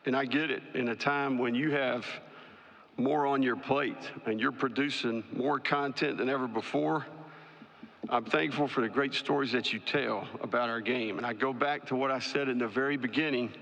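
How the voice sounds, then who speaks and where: A man, a college football head coach, giving prepared press conference remarks in a measured, emphatic, list-like way. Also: medium pitch, fairly even intonation, fairly bright tone. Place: large media day ballroom. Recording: long reverb in a large hall.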